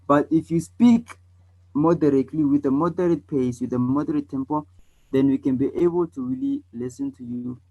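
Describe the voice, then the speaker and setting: Man from South Africa, debate lesson teacher, mid-pitched voice, keeps checking in with the class. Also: muffled recording. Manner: repetitive, checks in with "okay?" and "all right"; demonstrates loud and soft, fast and slow speech.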